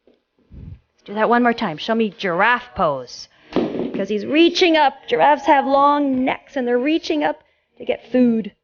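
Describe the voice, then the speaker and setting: A woman instructor gently guiding children through a yoga class with encouraging, sing-song cues. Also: fairly high pitch, expressive, unhurried, dull audio.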